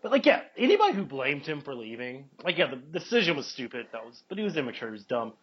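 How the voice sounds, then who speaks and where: A man with a fairly high, very lively voice rambles through casual sports talk, joking and correcting himself as he goes. The audio is dull and lo-fi, like a home podcast. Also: quick pace, husky. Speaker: podcast co-host.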